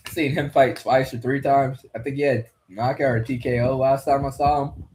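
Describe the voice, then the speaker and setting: A man's voice: mid-range voice, steady tone, moderate pace, darkish tone, slight background noise. A young man hosting a casual fight commentary, rambling loosely and swearing now and then. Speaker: podcast host commentating a fight card.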